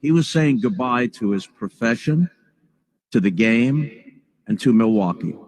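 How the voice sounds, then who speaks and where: Soft-spoken reflective man. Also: mid-range voice, lively intonation, measured pace, noisy background. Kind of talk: reflective remembrance clip.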